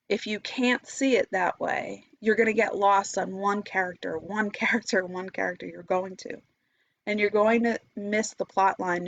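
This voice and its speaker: A woman's voice: mid-range voice, dry recording. A woman meditation teacher in an impassioned, unscripted monologue, swearing freely and restarting her sentences. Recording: dull, dry, lo-fi recording.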